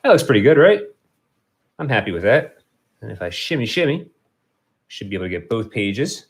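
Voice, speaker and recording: A man's voice: medium pitch, very animated, normal speed. A man hosting a casual livestream, rambling and restarting as he chats with viewers and his cat. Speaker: livestream host.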